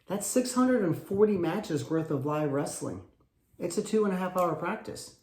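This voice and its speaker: A man's voice: high-pitched, animated, moderate pace, a little mellow, roomy sound. A man, a wrestling coach, giving emphatic advice and acting out short parent talks. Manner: acts out little parent dialogues, emphatic and repetitive. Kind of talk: animated coaching talk.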